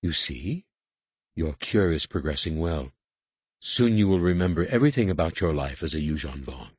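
A man's voice: rumbling low, animated, moderate pace, slightly rough, no room sound, heavily acted. A man doing a cold alien overseer woman. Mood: commanding. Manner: brusque, clipped commands. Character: stern alien female master scientist, cold, commanding.

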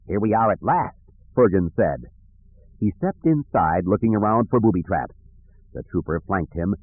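A man narrating an audiobook in a measured, even storytelling manner. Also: low voice, slightly rough, no room sound. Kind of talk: scripted narration. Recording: dry tinny phone-like recording.

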